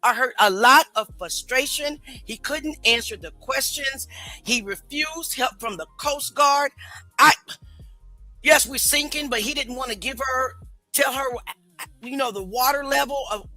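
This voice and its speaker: A woman's voice: high-pitched, sharp tone, no echo, rough recording. A woman hosting a live stream, questioning the audience and reading comments aloud. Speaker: host.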